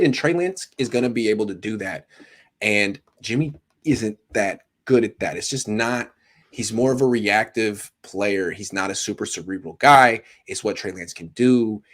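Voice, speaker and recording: Male host, lowish voice, chatty and animated sports talk. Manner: animated, storytelling, lots of restarts.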